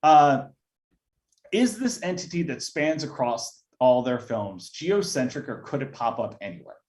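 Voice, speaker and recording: A man, a filmmaker, answering audience questions in a casual live Q&A, halting often with fillers and restarts. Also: mid-range voice, big pitch swings, darkish tone.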